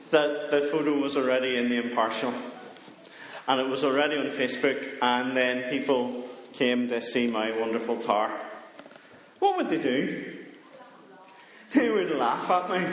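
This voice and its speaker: A man's voice: a little high, a bit bright. A man preaching a playful, interactive children's talk to a church congregation, coaxing people up from the pews to act out a story. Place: large church hall. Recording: echoey hall with long reverb, faint noise.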